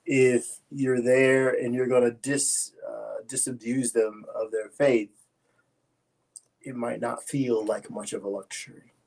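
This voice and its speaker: A man co-hosting a casual discussion, speaking in a measured, reasoning way. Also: mid-range voice, flat delivery, creaky, a little mellow. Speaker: co-host.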